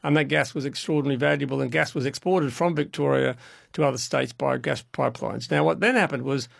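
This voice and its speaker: A man, an expert guest calmly explaining energy issues on call-in radio, with frequent restarts. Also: mid-range voice, quick pace, vocal fry, breathy edge, no echo, studio quality.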